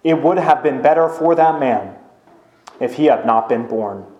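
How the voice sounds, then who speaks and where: A man reading aloud the lines of a solemn male teacher, slow and weighty, in a lower voice. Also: expressive, mellow, highs cut off, natural voice. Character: solemn grave male teacher foretelling betrayal. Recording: roomy echo.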